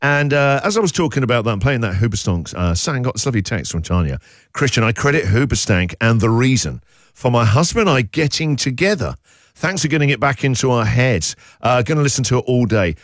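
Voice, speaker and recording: Lively male radio host, dry studio sound. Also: mid-range voice, fairly quick, dry recording. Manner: animated, self-mocking, mock-dramatic. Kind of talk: casual radio chat, reading listener texts. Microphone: studio microphone.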